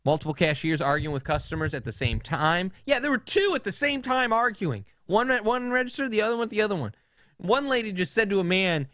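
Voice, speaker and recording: A man's voice: high-pitched, lively intonation, a little fast, a bit bright, dry recording, clean studio sound. A young man co-hosting a podcast, rambling through funny stories in casual chat and laughing often. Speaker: podcast co-host.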